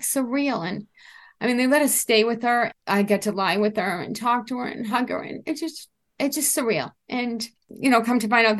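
A middle-aged woman speaking as a podcast guest, telling a painful personal story in a halting way, often repeating herself and trailing off. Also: mid-range voice, a bit bright. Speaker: guest, bereaved mother.

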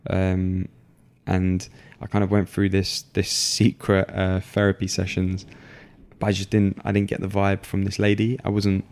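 A young man with a very low, gravelly voice speaks in a flat, even tone. He tells his story candidly, often stopping, restarting and leaning on fillers. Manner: halting, filler-heavy, frequent restarts. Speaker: guest.

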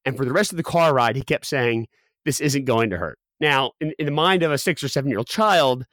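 A man's voice: a little high, quick pace, fairly bright tone, dry recording, studio quality. A young man telling a personal story as a guest, candid and full of fillers and restarts.

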